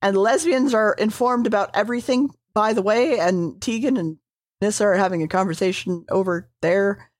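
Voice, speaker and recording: A woman's voice: medium pitch, moderate pace, no room sound, studio quality. A woman casually recapping a tabletop game session, rambling, hedging and swearing.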